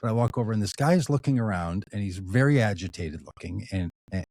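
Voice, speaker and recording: Guy telling a long story on a podcast, lowish voice, laid back, drops into mumbly asides, dry sound. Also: quick pace, dry recording. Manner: relaxed, anecdotal, trails off into low asides. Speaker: podcast guest, activist and author. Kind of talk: storytelling in conversation.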